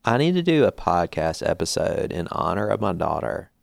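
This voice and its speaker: A man in his forties co-hosting a church podcast, a jokey, animated storyteller who laughs often. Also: sits low, normal speed, vocal fry, no echo, studio quality. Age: 40s. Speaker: podcast co-host. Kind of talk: casual church podcast chat.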